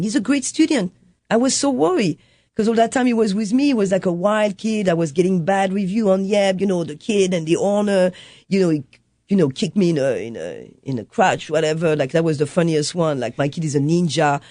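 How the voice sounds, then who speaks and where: A French-speaking coffee shop owner is a guest in a casual interview chat, acting out her customers and her son as she tells stories. Her voice is low-ish, fairly quick and dark in tone, with studio-quality, echo-free sound.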